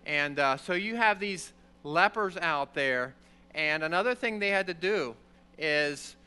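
A preacher gives an informal Bible lesson, reading a passage and then explaining it conversationally and with animation while frequently checking in with his listeners. His smooth voice is on the high side, and he talks a little slowly.

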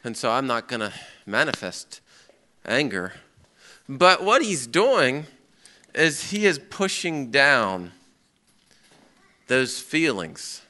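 Lively male pastor in a teaching sermon, bright, clear voice. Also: medium pitch. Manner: lively, asks the audience questions, acts out a story. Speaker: pastor teaching a Bible class. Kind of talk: interactive sermon with storytelling.

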